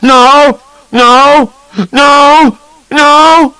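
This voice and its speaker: A man voicing an autistic adult man who recites dates and details flatly, in a read-aloud story. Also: medium pitch, slow, clean tone, no room sound, voice pushed up, rough recording. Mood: screaming.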